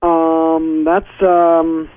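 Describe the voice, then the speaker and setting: A man's voice: on the high side, completely flat delivery, very slow, a crowd in the background. A man with a German accent, a musician guest on a phone interview, talking chattily, laughing often and mocking himself. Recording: tinny phone line.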